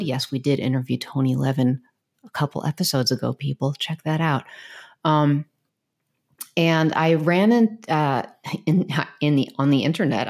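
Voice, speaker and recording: A woman co-hosting a music podcast, chatting casually and gushing about songs she loves, with plenty of filler words. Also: a bass voice. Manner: bubbly, gushing, many fillers. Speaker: podcast co-host. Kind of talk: casual chat.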